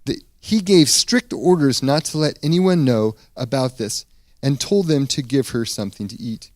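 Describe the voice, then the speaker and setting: A man preaching a sermon as pastor, retelling a scripture story in a casual, animated way with frequent restarts. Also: mid-range voice, moderate pace, dry recording, clean studio sound.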